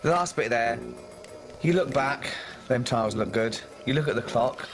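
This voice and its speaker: A man's voice: moderate pace, over music. A man hosting a radio chat, teasing his guest and cracking up often. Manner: animated, teasing, breaks into high laughs. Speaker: radio host. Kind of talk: casual chat. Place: radio studio.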